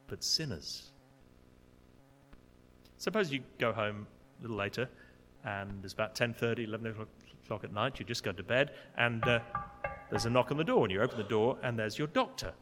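Man preaching, bright tone, swings between hushed and emphatic, lively pitch. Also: slight background noise. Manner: expressive, rising to indignant emphasis. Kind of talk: sermon. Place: church. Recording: long church reverb.

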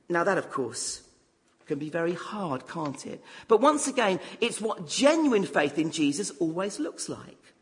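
A man's voice: high voice, sing-song, normal speed, gravelly, in a large hall. A man preaching a sermon, putting rhetorical questions to the congregation.

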